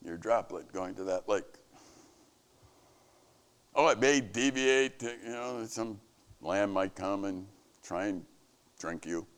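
This man speaks slowly, with long pauses and a clean tone, delivering a devotional message to camp staff. The camp leader preaches earnestly, his pitch lifting and dipping for emphasis.

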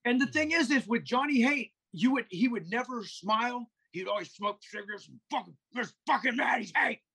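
Husky high-voiced man telling stories. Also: brisk. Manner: animated storyteller, swears a lot, acts out quotes. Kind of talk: casual podcast chat.

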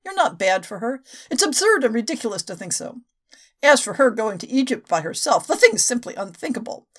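A woman reading a brusque middle-aged country doctor from an old novel, blunt and impatient but reassuring underneath. The voice stays fairly high and swings widely as he scolds and encourages. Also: sing-song, fairly quick, a bit bright.

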